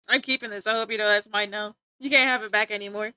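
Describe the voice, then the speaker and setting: Her high, expressive voice is brisk and sharp, with slight background noise. This woman is live-streaming, bantering playfully with her viewers, rambling on and regularly breaking into giggles as she teases them.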